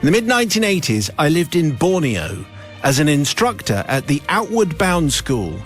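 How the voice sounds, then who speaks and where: Lively man hosting radio. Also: on the high side, normal speed, faint music behind. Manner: lively storytelling with laughs and put-on voices. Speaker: radio host. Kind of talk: radio show reading a listener's letter.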